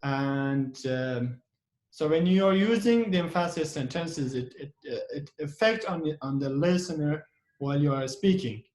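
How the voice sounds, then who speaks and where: Halting man teaching grammar, echoey. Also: a little high, lively intonation, a little mellow. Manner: halting, many fillers and restarts, repeats examples. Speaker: English teacher. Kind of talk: online grammar lesson.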